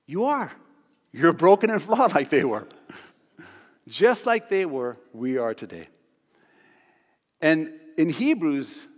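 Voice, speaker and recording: A pastor delivers a sermon with emphatic, repeated phrasing. His voice is slightly high for a man, and it rings through a church hall with a long reverb.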